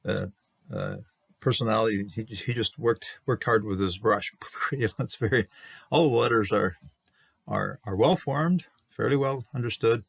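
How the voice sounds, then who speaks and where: A man explaining a Hebrew Bible manuscript, halting with many fillers and restarts as he reads words slowly. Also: fairly low pitch, dry recording. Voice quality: gravelly and husky. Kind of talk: unscripted explanatory study talk. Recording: dull lo-fi dry recording.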